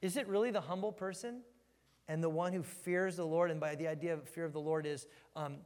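High-voiced preacher in a reverberant hall. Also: male voice. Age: 30s. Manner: conversational, joking, animated storytelling. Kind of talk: casual verse-by-verse Bible teaching.

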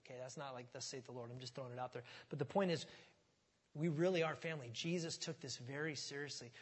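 A male pastor delivering a sermon, talking conversationally and then building to loud, emphatic stretches. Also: mid-range voice, fast talker, breathy edge, big-room sound. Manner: conversational preaching that swells to loud, emphatic passages.

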